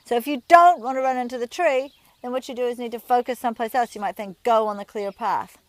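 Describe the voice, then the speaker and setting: A woman's voice: a little high, fast talker. A woman, a riding instructor talking outdoors from horseback, explaining things in a friendly, chatty way with everyday examples. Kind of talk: instructional talk while riding. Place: outdoors at a rural horse yard.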